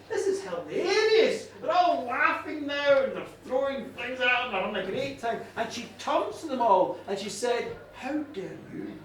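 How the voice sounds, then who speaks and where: A man's voice: extremely high pitch, a bit bright, slight background noise. A man telling an old myth live to an audience in a pub, with chatty asides. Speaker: storyteller. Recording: echoey pub room from far off. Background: faint room ambience.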